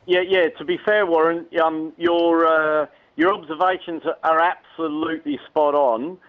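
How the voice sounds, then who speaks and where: A man speaking as a guest on a radio show by phone, measured and polite as he explains. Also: on the high side, steady tone. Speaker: guest expert. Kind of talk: radio interview over the phone. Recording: tinny phone line.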